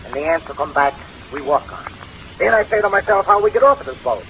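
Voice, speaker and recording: A man's voice: sits high, expressive, racing, fairly bright tone, slight background noise. An actor playing a simple-minded male sidekick with a put-on Italian accent and broken English in an old radio comedy. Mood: comic. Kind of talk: 1930s radio comedy acting. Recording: dull lo-fi old radio recording.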